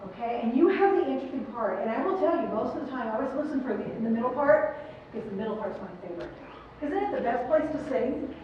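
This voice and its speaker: A woman's voice: a little high, expressive, fast, slight background noise. Upbeat woman coaching a choir in a hall. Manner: upbeat, encouraging, asks the singers questions. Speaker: choir festival clinician. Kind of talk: choral clinic feedback to a choir. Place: large performance hall. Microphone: distant room mic. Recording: echoey hall, distant mic, muffled.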